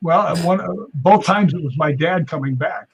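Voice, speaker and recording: A slightly rough male voice at normal speed comes through lo-fi sound. The speaker, a stuntman and paranormal investigator guesting on a podcast, tells stories in a casual, lively way and performs quoted voices with raised pitch.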